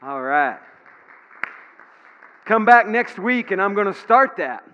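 A man's voice: high-pitched, very animated, slow pace, bright, forceful tone, some chatter behind. A middle-aged man preaching a sermon as pastor in a church, telling folksy stories with plenty of fillers. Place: church sanctuary. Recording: dull sound with long hall reverb.

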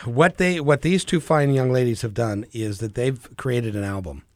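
A man's voice: medium pitch, normal speed, a little mellow, no room sound. A man hosting an interview, asking questions in a folksy, playfully teasing way. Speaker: interview host. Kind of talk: talk show interview.

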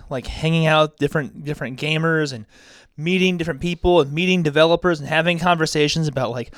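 A young man co-hosting a podcast, joking loudly and swearing freely in casual chat. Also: fairly high pitch, clear, resonant tone, no echo, clean studio sound. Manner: profane, boisterous, joking. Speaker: podcast co-host.

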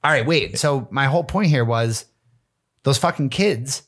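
A man's voice: mid-range voice, lively intonation, normal speed, fairly bright tone. A man co-hosting a podcast, joking loosely and swearing freely. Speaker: podcast co-host. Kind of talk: casual chat.

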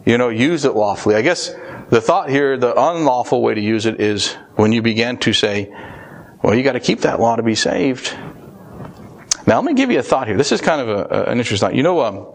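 A man preaching a sermon, reading scripture aloud and then driving his points home with rising emphasis. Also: mid-range voice. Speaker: pastor.

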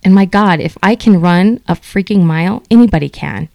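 A woman's voice: fairly low pitch, normal speed, creaky, dry recording. A middle-aged woman chatting as an interview guest, telling stories animatedly and acting out what people said. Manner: animated storyteller, acts out quoted dialogue. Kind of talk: casual interview chat.

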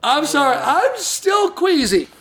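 Comedy podcast host, male, high and animated voice, rambling storyteller who laughs a lot. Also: takes it slowly, crowd noise. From California. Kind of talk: casual comedy podcast chat.

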